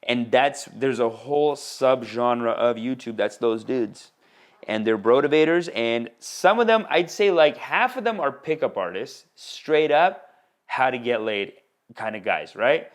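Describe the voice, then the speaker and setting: A man's voice: mid-range voice, expressive, unhurried. A man from India, a stand-up comedian hosting a podcast, rambling through a casual comic monologue full of slang.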